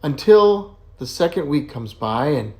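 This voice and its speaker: A man telling jokes in a casual, animated way, laughing at his own punchlines. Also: on the high side, a little slow, creaky. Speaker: joke teller.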